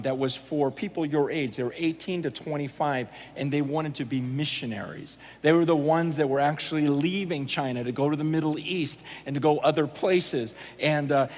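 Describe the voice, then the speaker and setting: A male pastor tells stories in a conversational, animated sermon, acting out bits of dialogue as he goes. His voice sits a little higher than most men's. A faint hiss sits under the recording. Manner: animated, quotes others in conversational asides. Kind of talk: sermon storytelling.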